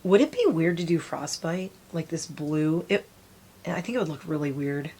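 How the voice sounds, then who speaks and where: A woman's voice: deep voice, animated, moderate pace, mellow, husky. A woman in her forties chatting casually as she does her makeup, rambling and self-deprecating. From United States. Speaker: beauty vlogger. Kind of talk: casual get-ready-with-me chat.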